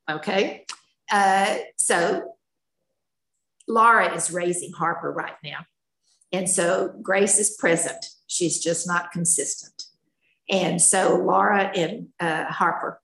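An older woman with a gravelly voice tells her family story in a candid, plainspoken, folksy way. She speaks at a middle pitch. The sound is roomy and echoey. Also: fairly bright tone. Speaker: retired schoolteacher sharing her recovery story. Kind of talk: personal storytelling, candid share. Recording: echoey room.

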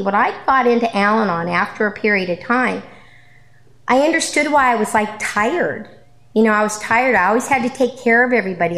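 Candid woman in an echoey meeting room. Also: on the high side. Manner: candid and conversational, with frequent ums and repeated phrases. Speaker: speaker at a support group meeting. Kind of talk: personal recovery share.

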